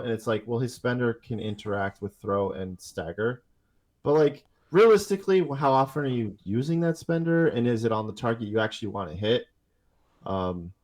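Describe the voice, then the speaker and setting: A man co-hosting a casual tabletop gaming podcast, rambling with lots of fillers and restarts. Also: mid-range voice. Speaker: podcast co-host.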